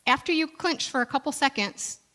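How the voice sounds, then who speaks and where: A woman reverend giving a sermon in a conversational way, slowing down for emphasis. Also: sits high, lively intonation, sharp tone, long reverb tail.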